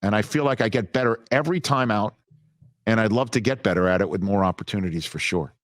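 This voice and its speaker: A male sports broadcaster as an interview guest, telling stories in a lively, casual way with frequent restarts. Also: on the low side, fast, no room sound. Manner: animated storyteller with many restarts.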